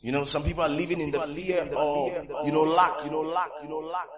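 A man in his thirties preaches in a church, his voice sitting a little high for a man. He drives his points home through repetition and call-and-response lines. The congregation can be heard clearly behind him. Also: steady tone, brisk, a crowd in the background. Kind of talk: sermon. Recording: loud congregation in the background.

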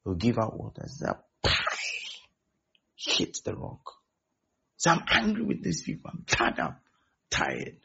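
A man preaching a sermon who acts out the voices of the people in his stories and swings between loud and soft delivery. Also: mid-range voice, wildly swooping pitch, measured pace, gravelly, long pauses, breathy edge. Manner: acts out quoted voices, shifting loudness. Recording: dull lo-fi recording.

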